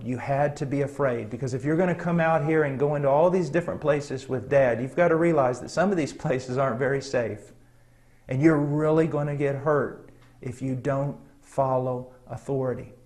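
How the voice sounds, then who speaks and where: A middle-aged man preaching a sermon, telling a personal story in an earnest, conversational way with frequent pauses and soft chuckles. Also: medium pitch, fairly even intonation.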